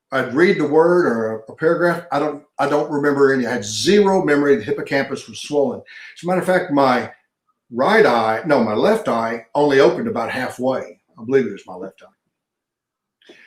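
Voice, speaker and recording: Older man, folksy pastor telling a story, mid pitch, roomy sound. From Texas. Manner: folksy storyteller, acts out dialogue. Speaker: pastor and retired police sergeant. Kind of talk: storytelling in an interview. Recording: roomy echo.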